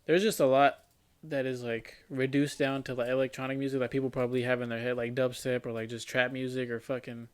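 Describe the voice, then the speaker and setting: A man's voice: medium pitch, flat delivery, fairly quick, clear, resonant tone. A young man in his twenties, a podcast co-host, telling stories in casual chat among friends, loose and profane, full of "like" and "bro", rambling with many restarts.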